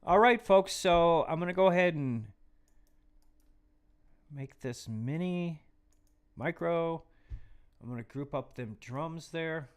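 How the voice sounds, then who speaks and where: A man hosting a live stream who teaches music mixing in a chatty, casual way and often drops into quiet muttered asides while he works. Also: fairly high pitch, animated, slow, long pauses, clean tone. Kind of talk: casual live tutorial talk.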